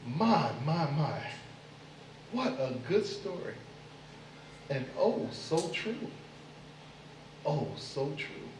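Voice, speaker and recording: A man's voice: a little high, sing-song, drawn-out words, long pauses, a little mellow, a little hiss or hum, voice pushed down, exaggerated voice. A man voicing a sly male trickster spider in a told folk tale, with a drawling, exaggerated delivery. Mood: mock-admiring. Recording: echoey room, mic far off.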